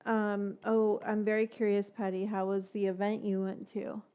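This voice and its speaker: A woman's voice: mid-range voice, completely flat delivery, moderate pace, dark tone, clean tone, dull audio. Woman host for a casual cooking live stream, chatty and rambling, with offhand swearing.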